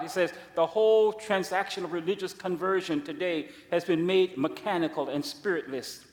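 A male preacher with a high voice delivers an emphatic sermon. He swings between loud declarations and quiet asides. His voice trails off in the long reverb of a church hall.

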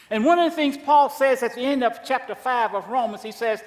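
A man preaching a sermon, emphatic, swinging between loud declarations and quiet asides. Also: extremely high pitch, a little fast, few pauses, reverberant, in a large hall.

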